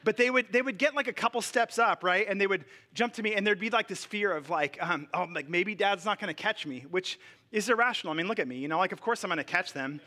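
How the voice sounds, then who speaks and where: A pastor in his thirties preaches in a relaxed, chatty way, full of fillers and quick restarts. His voice sits high for a man and comes across bright and forward.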